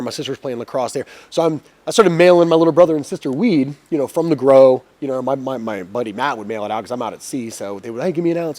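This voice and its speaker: A man in his forties telling a long, profane story as a podcast guest, energetic and swearing freely. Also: medium pitch, dry recording. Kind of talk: casual storytelling.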